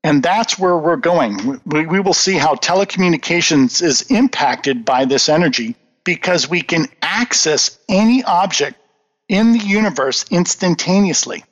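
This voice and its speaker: A man's voice: fairly high pitch, moderate pace, a bit bright. A man answering interview questions in an earnest, emphatic, lecturing manner. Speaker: guest. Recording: dull lo-fi audio with long reverb.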